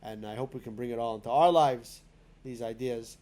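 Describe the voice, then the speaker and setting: A man's voice: mid-range voice, a little fast, warm tone. A man teaching a spoken lesson in a synagogue class, talking in a conversational way full of fillers and restarts.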